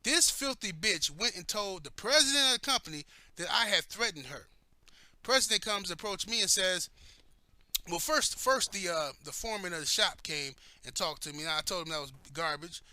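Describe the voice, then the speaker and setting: Heated, cursing man with a bright voice. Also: high-pitched, expressive, moderate pace, no echo. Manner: heated, blunt, heavy cursing. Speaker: commentator. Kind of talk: profane personal storytelling.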